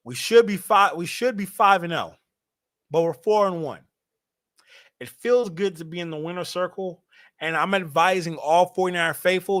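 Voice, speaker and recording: A young man hosting a sports fan livestream, animated and hyped, talking straight to his chat. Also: sits high, normal speed, dry recording, studio quality. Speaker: fan show host.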